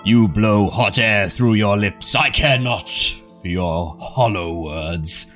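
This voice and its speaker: A man voicing a menacing, scornful dark spirit in a tabletop game, declaiming slowly and grandly. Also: on the low side, faint music behind.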